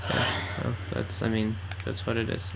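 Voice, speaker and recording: A man's voice: on the low side, monotone, moderate pace, gravelly, a little hiss or hum. A man giving blunt, teasing commentary while playing through a video game with a friend. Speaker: game co-host. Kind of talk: let's play commentary.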